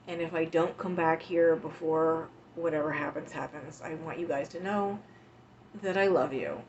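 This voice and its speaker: A woman's voice: on the low side, steady tone, normal speed, a little mellow, highs cut off, slight background noise. A woman in her forties, a livestreamer chatting casually with her viewers at home, emotional and close to tears as she thanks them. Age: 40s. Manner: tearful and affectionate, talking to chat.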